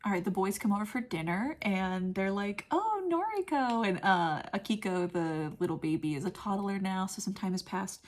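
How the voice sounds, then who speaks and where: A woman's voice: mid-range voice, fairly even intonation, moderate pace, hardly any pauses. A young woman giving a casual film review. She talks in a chatty way full of fillers and often drops into a whisper.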